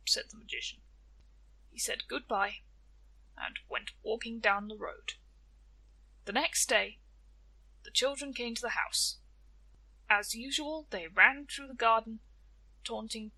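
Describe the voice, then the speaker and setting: A woman telling a folk tale in storybook narration, expressive and slowing down for effect. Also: on the high side, poor audio.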